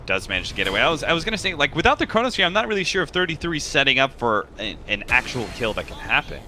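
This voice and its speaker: A man casting a video game match play-by-play, getting loud and excited at the big fights. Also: medium pitch, racing, noisy background. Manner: excited shouting at big plays. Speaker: esports caster. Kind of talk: play-by-play commentary.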